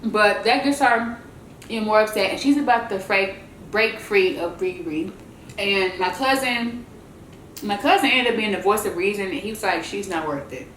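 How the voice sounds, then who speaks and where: A woman's voice: medium pitch, normal speed, echoey room, slight background noise, rough recording. Chatty woman telling a story while eating. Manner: chatty, animated, addresses viewers as y'all. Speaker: vlogger.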